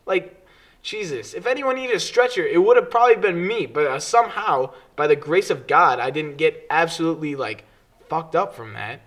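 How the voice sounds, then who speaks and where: Animated young man telling stories. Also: fairly high pitch, moderate pace. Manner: animated storytelling, swears freely, mimics people. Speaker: podcast co-host. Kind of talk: casual chat.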